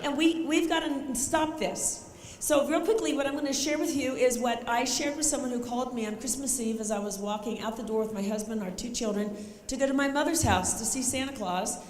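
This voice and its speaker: A middle-aged woman giving an animated, emphatic motivational talk on self-defense, joking and acting out scenes. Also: sits high, fairly quick, a little hiss or hum. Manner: emphatic, jokey, often shouting and acting out scenes. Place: large conference hall. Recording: echoey hall, faint ambience.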